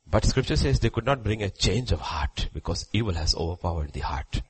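A man with a husky voice preaches a sermon. He drops to a near whisper, then climbs into loud, high-pitched exclamations. His delivery is dramatic and uneven in volume. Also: very animated, a little fast, few pauses, no echo, rough recording. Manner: swings between hushed low passages and loud, high exclamations.

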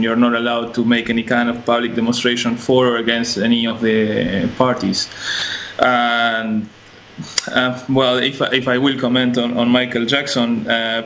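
A man's voice: mid-range voice, fairly bright tone, a little hiss or hum, low-quality recording. A man from Argentina sharing strong opinions in casual podcast talk, hesitant, with many fillers and restarts. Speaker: podcast co-host. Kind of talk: casual conversation.

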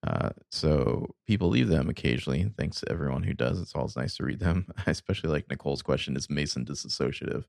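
A man's voice: extremely low pitch, quick pace, gravelly, hardly any pauses, darkish tone, dry recording. A man co-hosting a podcast, talking in a laid-back, hesitant way with plenty of uhs and dry humor. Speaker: podcast co-host. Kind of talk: casual chat.

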